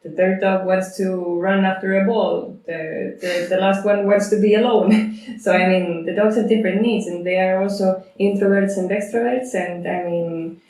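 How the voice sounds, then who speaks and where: A woman explains things patiently in an interview, pausing to rephrase with frequent "I mean" asides. Her voice sits at a middle pitch. It rings through a very echoey room and she sounds well away from the mic. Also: steady tone, a little mellow, far from the mic. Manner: thoughtful, explains at length with many "I mean" asides. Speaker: dog trainer, interview guest. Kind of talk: conversational interview answers.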